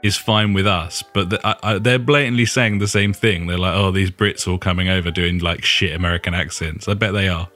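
British man, deep-ish voice, easygoing podcast co-host, chuckles, asks questions, faint music under. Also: steady tone, brisk, few pauses, pushed and bright. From Britain. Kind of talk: casual chat.

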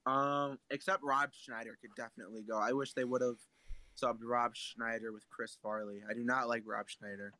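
A man's voice: medium pitch, flat delivery, moderate pace, bright, forceful tone, no echo, poor audio. A young man co-hosting a casual podcast chat, joking, teasing and rambling. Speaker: podcast co-host.

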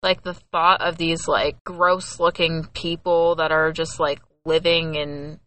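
Bright-voiced chatty young woman. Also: sits low, little pitch movement, slow pace. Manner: chatty, laughs often, many fillers. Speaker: podcast co-host. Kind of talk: casual chat.

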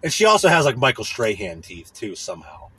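A man's voice: lowish voice, wildly swooping pitch, fairly quick, fairly bright tone, husky, no echo. A man hosting a podcast, ranting in a profane, rambling way, often asking "you know what I mean.". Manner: profane, rambling, irritated complaining. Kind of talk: casual rant.

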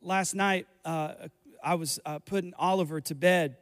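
High-voiced preacher man in a reverberant hall. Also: fairly even intonation, measured pace, fairly bright tone. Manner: repetitive, stammering restarts, builds to fervent preaching. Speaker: pastor. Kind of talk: sermon.

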